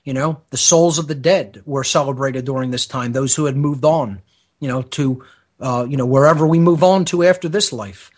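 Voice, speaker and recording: A man's voice: medium pitch, moderate pace, a little mellow. A man speaking as a radio show guest, giving a long explanatory lecture and often checking in with "okay?". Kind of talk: explanatory lecture-style talk.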